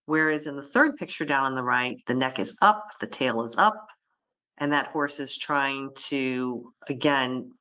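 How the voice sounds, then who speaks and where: A woman veterinarian giving a webinar lecture, lively, who voices the animals' thoughts in quick quoted asides. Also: a bass voice, muffled recording.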